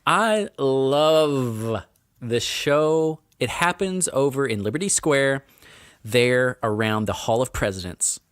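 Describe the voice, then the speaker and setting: A man's voice: mid-range voice, animated, unhurried, a bit bright, dry recording, studio quality. A man co-hosting a casual podcast, teasing his co-host and giving strong opinions. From Tennessee. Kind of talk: casual chat.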